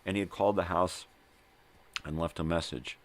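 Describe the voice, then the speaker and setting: A man's voice: deep voice, fairly even intonation, normal speed. An older man hosting his own video log, telling a personal story in a rambling, profane way and often checking in with "right?" and "you know?". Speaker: vlog host. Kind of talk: casual personal storytelling monologue. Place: at home.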